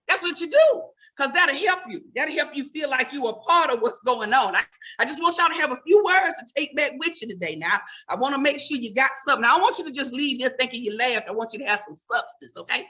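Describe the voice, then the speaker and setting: Lively high-voiced woman comedian. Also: fairly quick. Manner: animated, teasing direct address to the audience. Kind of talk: stand-up comedy.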